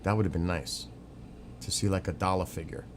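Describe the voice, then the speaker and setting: A man's voice: low voice, steady tone, fairly quick, noisy background. A man streaming, giving opinionated, rambling casual commentary and answering chat, swearing now and then. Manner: answers chat viewers by name.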